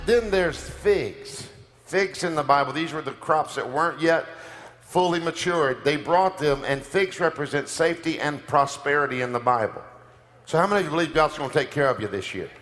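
A man preaching a sermon, leading the congregation in call-and-response declarations and rising into shouts. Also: on the high side. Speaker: pastor. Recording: music playing behind.

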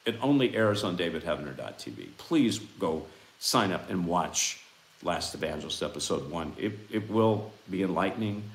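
A man preaches a fiery sermon and reads from scripture. He drops to hushed asides, then rises into loud, impassioned outbursts. His pitch swings widely, and the room carries a clear echo. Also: big pitch swings, moderate pace. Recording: echoey room.

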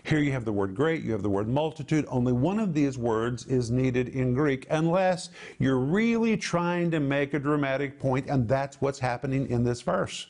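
A man's voice: medium pitch, expressive, normal speed, few pauses, a little mellow. A man giving an emphatic televised Bible teaching, stretching out key words and explaining Greek word meanings.

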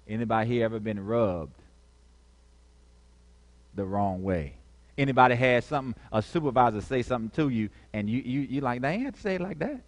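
A man's voice: mid-range voice, a little mellow. Man preaching in an echoing church. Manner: call-and-response, repeats key words. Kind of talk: sermon. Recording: long reverb of a church hall.

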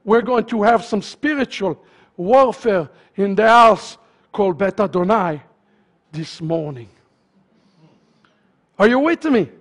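High-voiced man preaching with fervor. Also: expressive, slow, long pauses. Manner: impassioned, swinging from loud shouts to hushed near-murmurs. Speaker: pastor. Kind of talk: sermon. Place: congregation's sanctuary.

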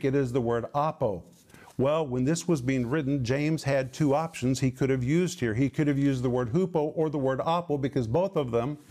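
A man preaching a sermon, who explains words closely and slows down to stress his points. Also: a little high, a little mellow.

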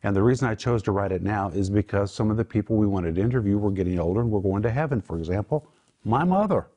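A man's voice: fairly low pitch, lively intonation, quick pace, warm tone. An older man hosting a Bible teaching program, earnest and emphatic as he explains Greek words. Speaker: Bible teacher and show host.

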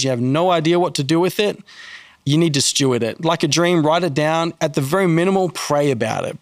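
A man's voice: fairly high pitch, no room sound, clean studio sound. A man talking casually as a podcast guest, telling faith stories and acting out the people in them with a raised voice. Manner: animated, acts out quoted people in a raised voice. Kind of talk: casual faith talk with storytelling.

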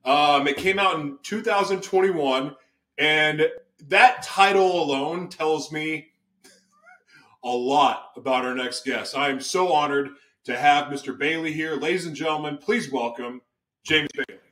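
A man's voice: fairly high pitch, a little slow, fairly bright tone. A man hosting an interview, effusive and rambling with frequent restarts. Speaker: interview host. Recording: echoey room, distant mic.

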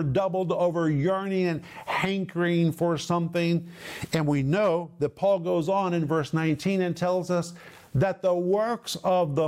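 A man teaching the Bible on a television program, explaining Greek words with slow, emphatic stresses. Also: a little high, a little mellow.

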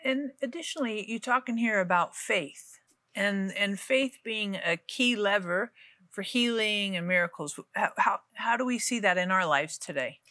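A woman co-hosting a faith talk show, who talks in an animated, chatty way and invites viewers in. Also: medium pitch, moderate pace, no room sound. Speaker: co-host.

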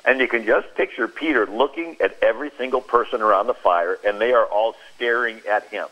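Speaking a little fast, a man with a middling, slightly husky voice tells stories on Christian talk radio, animatedly performing the quoted speech of the people in them. The sound is muffled and lo-fi, as if over the radio.

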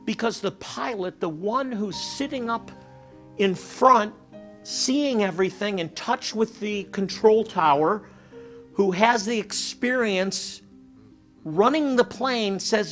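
A man preaching a sermon, telling stories and dropping to a soft hush for emphasis. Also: sits high, measured pace. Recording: faint music behind.

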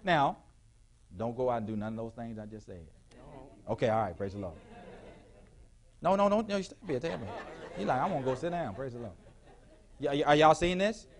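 A male pastor preaching a sermon in a church, with call-and-response questions to the congregation, sometimes rising to shouts. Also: mid-range voice, lively intonation, a little fast, pauses often. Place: church sanctuary.

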